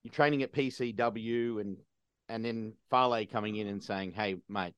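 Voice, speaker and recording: A man's voice: on the low side, normal speed, fairly bright tone, clear, resonant tone, no echo, highs cut off. A man, interviewing a guest in a friendly, conversational way. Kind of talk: casual interview.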